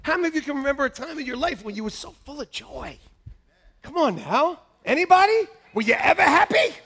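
A man preaching a lively sermon in a church, laughing and repeating lines to the congregation, shouting some quotes. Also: extremely high pitch, fast talker, vocal fry. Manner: shouts mock-angry quotes at peaks. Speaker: pastor.

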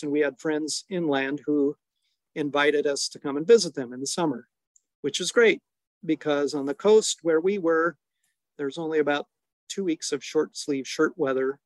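Brief: middle-aged male storyteller, slightly high voice, close and dry, unhurried with chuckles. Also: no echo. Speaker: storytelling guest, father. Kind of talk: relaxed anecdotal storytelling.

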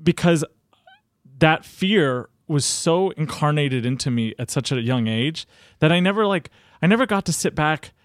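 Animated man telling his story, dry sound. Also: moderate pace, no echo. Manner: animated, acts out quoted dialogue with jumps in pitch. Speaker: podcast guest. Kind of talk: conversational storytelling.

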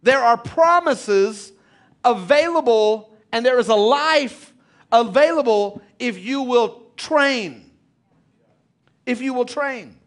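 Male pastor, high-pitched, energetic sermon delivery with call-outs to the congregation. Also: slow. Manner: animated preacher, calls out to congregation.

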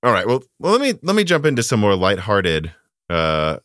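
A man with a Midwestern American accent, co-hosting a casual tech podcast and reading listener questions in a relaxed, chatty way. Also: lowish voice, normal speed, dry recording, clean studio sound. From Minnesota.

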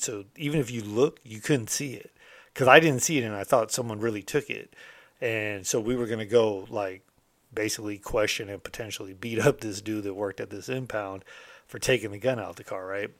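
Low-voiced man telling a streetwise story. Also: fairly quick, a bit bright, no echo. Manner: candid, streetwise, swears freely. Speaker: motivational host telling his past. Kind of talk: casual storytelling monologue.

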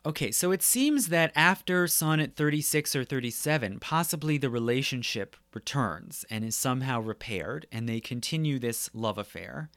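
A man's voice: medium pitch, lively intonation, moderate pace, hardly any pauses, fairly bright tone, dry recording. Dry-voiced man giving a literature lecture. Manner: conversational, tags points with "right?". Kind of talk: academic lecture.

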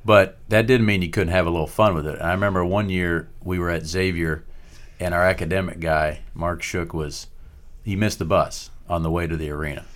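Deep-voiced man chuckling through stories. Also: steady tone, brisk. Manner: easygoing, laughs through stories. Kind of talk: storytelling in casual chat.

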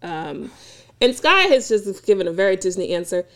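A woman co-hosting a casual podcast, talking candidly and cursing freely. Her pitch swings widely as she acts out quoted reactions, and her delivery is lively and unfiltered. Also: normal speed. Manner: candid, profane, animated storytelling. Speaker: podcast co-host. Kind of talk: casual chat.

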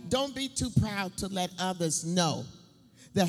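A middle-aged woman giving a personal testimony in church, telling her story slowly and emphatically, laughing between lines. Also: lowish voice, lively intonation, soft background music. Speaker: church speaker. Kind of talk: sermon testimony. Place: church building. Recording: long hall reverb.

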